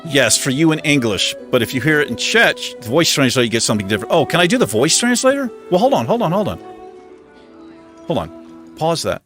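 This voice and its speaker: Bright, lively male livestream host. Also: on the high side, fairly quick, faint music behind. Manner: self-mocking, chuckles often; animated, struggling over pronunciation. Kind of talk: casual chat.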